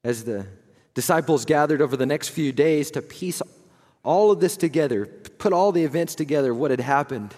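A male pastor giving a dramatic storytelling sermon. His fairly high voice swings between a low hush and fervent, pressing energy. A long reverb from a large hall trails each phrase. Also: moderate pace.

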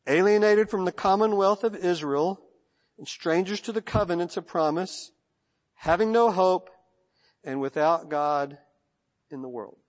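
High-voiced Texan pastor in a reverberant church. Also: male voice, unhurried. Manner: rhythmic preaching, long lists, soft drops at line ends. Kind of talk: sermon. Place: church sanctuary.

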